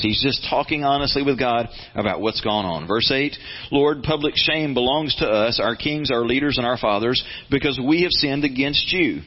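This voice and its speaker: An American man preaching a sermon and reading scripture, talking earnestly and conversationally, then building to animated emphasis. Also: medium pitch, moderate pace, dull audio. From United States. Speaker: pastor.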